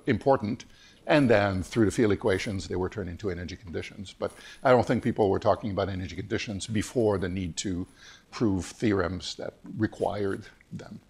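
A hoarse man leads a technical physics seminar, his voice gravelly and husky and pitched a little low. He talks haltingly, restarting phrases and leaning on fillers as he explains. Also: darkish tone. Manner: hesitant, many fillers and restarts. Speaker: physics lecturer.

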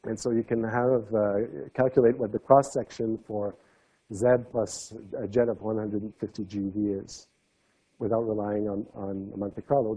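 A man lecturing at a seminar, his voice very dark and mellow with a husky grain. He explains things step by step and lets his phrases fade low and soft at the end. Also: low-quality recording. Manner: explanatory, trails off softly at phrase ends. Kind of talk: academic seminar talk.

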